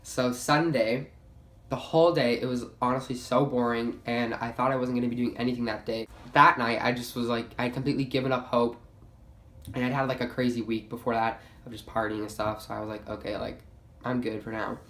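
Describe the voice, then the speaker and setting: A young adult vlogger rambles through a storytime, leaning hard on "like" and swearing casually. The voice sits at a middling pitch, and the room adds a noticeable echo. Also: steady tone, a little fast, a bit bright. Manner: chatty, heavy on "like" fillers, swears freely. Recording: roomy echo.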